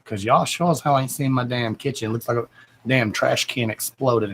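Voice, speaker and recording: A man's voice: mid-range voice, fairly quick, vocal fry, fairly bright tone, soft background music. A man hosting a psychic-medium livestream from home, wrapping up in a chatty, blunt way with some swearing and a lot of affection for his viewers. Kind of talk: casual livestream sign-off chat. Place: at home, indoors. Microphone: camera microphone on a livestream. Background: a dog and faint noise.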